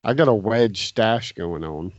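A man with a lowish voice trades jokes and laughs easily while commenting on a film. His audio comes through a remote call, dull and muffled, with a very dry, close sound. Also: expressive, unhurried, no room sound. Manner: joking, laughs often. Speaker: podcast co-host. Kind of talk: casual movie commentary chat. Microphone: remote call, audio cuts out.

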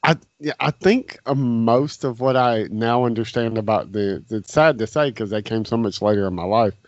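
A man's voice: medium pitch, moderate pace, no echo, muffled recording. A man co-hosting a podcast, chatting casually through a movie commentary over a remote call, joking and laughing often. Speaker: podcast co-host. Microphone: remote call, audio cuts out.

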